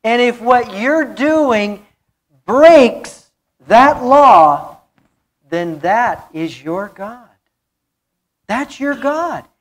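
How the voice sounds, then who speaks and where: A woman's voice: on the high side, big pitch swings, very slow. A woman pastor preaching a sermon, telling a story and repeating key phrases for emphasis.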